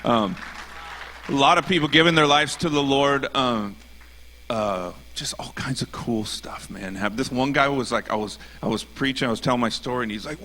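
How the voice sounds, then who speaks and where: A man tells his testimony on a church stage in a loose, conversational way. He is earnest and animated, and he slips into other people's voices when he quotes them. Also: mid-range voice, moderate pace, slight background noise. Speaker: guest speaker. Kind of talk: casual testimony storytelling.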